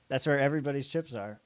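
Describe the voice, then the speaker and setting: A young male podcast co-host rambles casually about his fantasy football team, swearing freely and laughing a lot. Medium pitch, dry recording.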